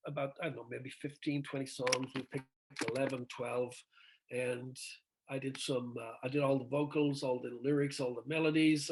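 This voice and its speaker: A middle-aged male rock singer telling stories in a casual interview over a video call, acting out quoted dialogue and laughing often. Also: mid-range voice.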